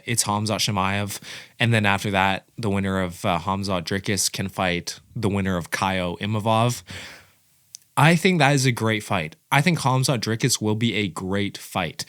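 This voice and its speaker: A man giving casual, excitable commentary as the host of a fight reaction channel, rambling and correcting himself as he goes. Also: fairly low pitch, clean tone, no room sound, clean studio sound.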